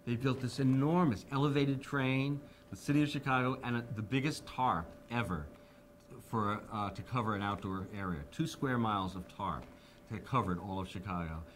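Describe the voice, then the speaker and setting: A man's voice: medium pitch, moderate pace, slight background noise. A man in his fifties, being interviewed, telling anecdotes animatedly and acting out the people he quotes. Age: 50s.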